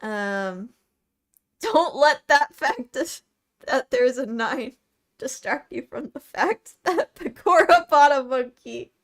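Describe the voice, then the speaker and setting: A woman's voice: high voice, animated, slow pace. A young woman with a Californian accent chatting casually on a live stream, reading out and answering comments, often laughing and restarting her words. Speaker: VTuber streamer.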